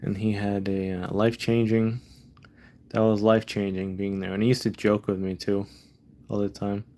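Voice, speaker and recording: A low-voiced man venting in a rambling, casual vlog monologue. He curses often and repeats himself, worn out and fed up. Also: little pitch movement, normal speed, dark tone. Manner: frustrated, profane, rambling. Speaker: vlogger.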